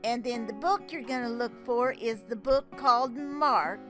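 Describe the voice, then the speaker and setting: An older woman spins a Bible story for little kids in a chatty, homespun way, leaning on fillers and little exclamations. Her voice sits high and bright, with a clear, forward ring. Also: unhurried, faint music behind. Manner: animated, exclaiming. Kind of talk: storytelling to children.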